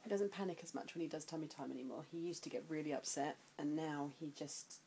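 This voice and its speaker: A woman chatting casually in a home vlog, sometimes breaking into high baby talk. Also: quick pace, mellow, a little hiss or hum, low-quality recording. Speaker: vlogger.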